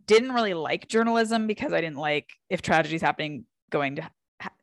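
A young woman co-hosting a casual podcast, telling an anecdote in an animated way, swearing freely and acting out the quotes. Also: deep voice, fairly quick, no echo. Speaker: podcast co-host. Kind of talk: casual conversational storytelling.

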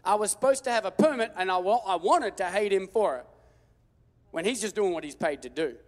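A man preaching a sermon, telling a story with lively jokes and acted-out voices. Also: sits high, fairly quick. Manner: animated, joking storytelling with acted-out quotes. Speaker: pastor. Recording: long hall reverb.

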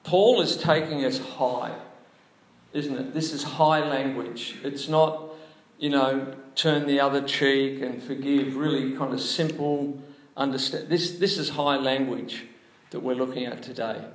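A man's voice: medium pitch, fairly even intonation, unhurried, roomy sound. A man preaching a sermon to a congregation in a church, chatty and full of questions to the room. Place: church hall before a congregation.

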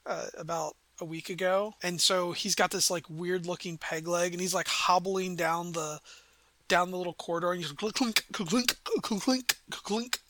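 Brief: male game master, high bright voice, dry close sound, loose descriptive narration. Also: little pitch movement, normal speed, no room sound. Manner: rambling, descriptive, many fillers.

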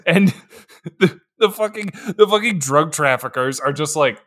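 A man's voice: fairly high pitch, expressive, a little slow, a bit bright. A man in his twenties co-hosting a podcast, chatting casually about a film, laughing often and swearing freely. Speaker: podcast co-host. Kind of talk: casual chat.

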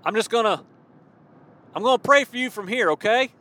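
A man's voice: very high voice, fairly quick, sharp tone, pitched above the performer's own voice. A man mocking a fussy overcautious preacher. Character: overcautious preacher parody, male, keeping distance.

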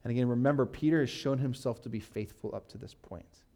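A man pastor teaching a sermon in a relaxed, conversational way, reading scripture aloud and often saying "like". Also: mid-range voice, fast. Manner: casual, uses "like" and fillers, reads scripture aloud.

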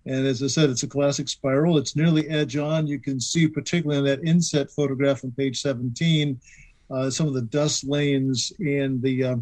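Measured man explaining, dry recording. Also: medium pitch, fairly even intonation, darkish tone, no echo, poor audio. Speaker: guest author. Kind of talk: explaining astronomy.

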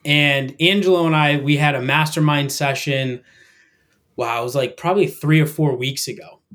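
A middle-aged man talking as a podcast guest, energetic and emphatic, with a motivational push in his talk. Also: a little high, moderate pace. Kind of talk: casual podcast conversation.

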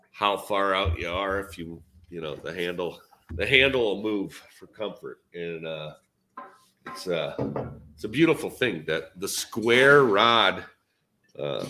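A dent repair tech with a Minnesotan accent co-hosts a podcast, rambling easily through a casual chat with lots of fillers. His voice is low-pitched with a sharp tone.

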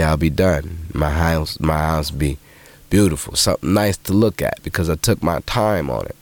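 Deep-voiced profane podcast host. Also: male voice, gravelly, no room sound. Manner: profane, animated storytelling with jumps into high quoting voices. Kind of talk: casual monologue.

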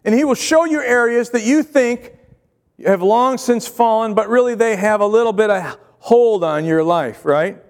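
Man, preacher, high voice, earnest sermon, repeats himself, rhetorical questions, long reverb. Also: normal speed. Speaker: pastor.

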